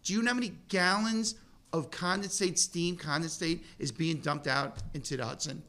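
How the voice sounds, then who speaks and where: A man holds forth at a political roundtable. His voice sits fairly high. He talks with fervor and keeps pushing into emphatic outbursts. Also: normal speed, sharp tone. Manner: fervent, rising to emphatic outbursts. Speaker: state senator, energy ranking member. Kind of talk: passionate political speech at a roundtable.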